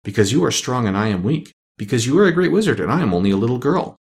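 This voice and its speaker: A meek, earnest little girl, played by a man reading aloud, pleading in a raised voice with a gravelly edge. Her pitch swings widely. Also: sing-song, quick pace.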